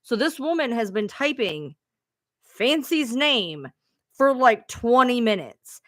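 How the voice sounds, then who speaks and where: A woman's voice: fairly high pitch, very animated, slow, fairly bright tone, no room sound, studio quality. A woman live streamer casually telling a rambling story to her viewers, chatty and swearing freely.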